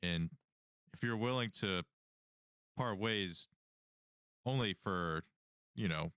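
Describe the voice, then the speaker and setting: Deep, halting male player. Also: a bit bright, smooth, dry recording, studio quality. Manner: halting, with many restarts. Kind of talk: role-playing a character at a tabletop game.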